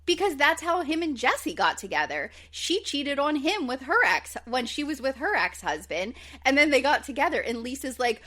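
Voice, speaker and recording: A woman's voice: sits high, normal speed, few pauses. A woman co-hosting a podcast, recapping a reality show in a casual, chatty way with lots of fillers. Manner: chatty, quotes people in lively voices, says like and um a lot. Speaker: podcast co-host.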